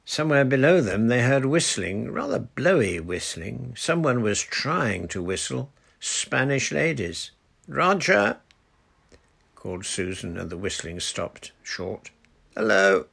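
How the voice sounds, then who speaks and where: A man reading a children's adventure story aloud in a measured storytelling manner. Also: mid-range voice, animated, creaky, fairly bright tone, breathy edge. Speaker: audiobook narrator. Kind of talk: storybook narration.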